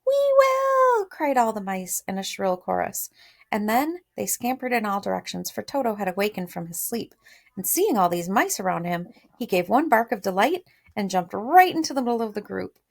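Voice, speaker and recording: A woman's voice: mid-range voice, lively intonation, normal speed, vocal fry, darkish tone. A woman teacher reading a storybook aloud, chatty, stopping to explain words and share thoughts. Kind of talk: read-aloud lesson with commentary.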